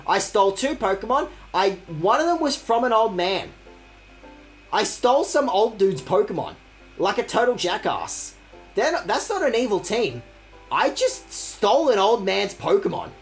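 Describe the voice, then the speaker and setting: A game streamer rambles through casual let's-play commentary, swearing freely and cracking crude jokes at their own expense. Their pitch swings up and down as they talk.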